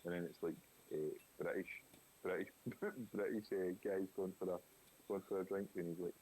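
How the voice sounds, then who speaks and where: A very low-voiced man with a Scottish accent chats loosely on a live stream, looping through stories full of fillers and restarts. A faint hiss sits under the voice. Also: steady tone, normal speed, a little mellow, rough recording. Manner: rambling anecdotes with lots of fillers and laughs. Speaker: co-host of a live drawing stream. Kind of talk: casual chat.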